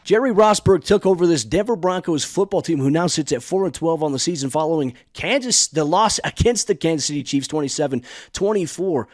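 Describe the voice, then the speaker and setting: Male sports podcast host, fairly high voice, punchy and energetic, dry close-mic sound. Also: brisk, dry recording.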